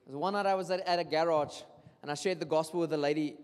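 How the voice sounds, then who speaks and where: The preacher's voice is a little high and clean in tone, and he talks fast. With a South African accent, he preaches in a church hall full of long reverb, alternating English and Afrikaans and acting out quotes in lively stories.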